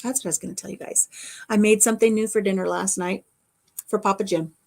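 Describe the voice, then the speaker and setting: A woman's voice: medium pitch, steady tone, fast talker, creaky. A middle-aged woman from the American Midwest, chatting casually with a live audience on her vlog and answering viewer comments. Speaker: vlogger.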